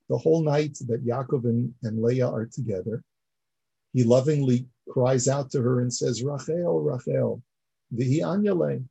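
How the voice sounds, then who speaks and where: A man's voice: medium pitch, gravelly, mellow, husky, low-quality recording. A man teaching a class, explaining earnestly and repeating words as he builds each point. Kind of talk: classroom lecture.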